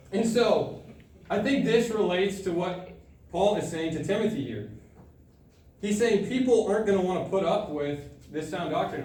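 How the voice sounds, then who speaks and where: A young man giving a sermon to a student group, telling a personal story in a casual, animated way with frequent laughter. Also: fairly high pitch. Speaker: student speaker. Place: large room at a student gathering. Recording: echoey room, from far off, faint noise.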